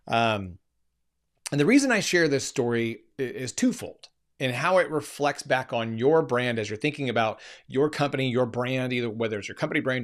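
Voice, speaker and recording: Male keynote speaker, mid-pitched, earnest and emphatic, telling a story off the cuff. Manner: earnest, emphatic, frequent restarts. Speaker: keynote speaker and executive coach. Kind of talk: impromptu live storytelling.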